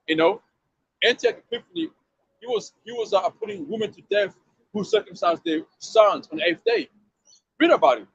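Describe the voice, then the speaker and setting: A man's voice: very high-pitched, very animated, normal speed, creaky, slightly rough, no room sound, muffled recording. A man street preaching outdoors to a passer-by, emphatic and slangy, often repeating himself and asking if you see what he means.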